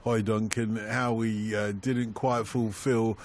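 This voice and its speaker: A man's voice: fairly low pitch, little pitch movement, slow. A man hosting a radio football phone-in, reading out listeners' messages and laughing at his own puns.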